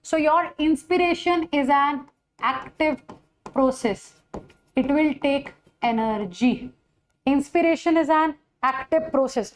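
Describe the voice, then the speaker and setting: A woman's voice: high-pitched, a little mellow, a little hiss or hum. A woman with an Indian English accent teaching a biology exam-prep lecture online, repeating key points and checking with students. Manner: addresses students with Hindi endearment "bache".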